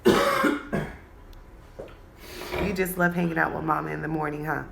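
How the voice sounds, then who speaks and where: Gravelly woman cooing baby talk. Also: low-pitched, little pitch movement, fast talker. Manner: cooing, coaxing baby talk with casual swearing. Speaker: pet video host. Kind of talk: casual talk to her pet bird. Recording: noisy home recording.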